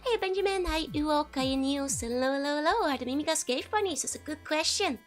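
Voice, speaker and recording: A Dutch-accented woman streamer chats casually and briskly on a live stream, her high, expressive voice hoarse from being sick. She greets her chat by name and laughs often, with faint music behind her.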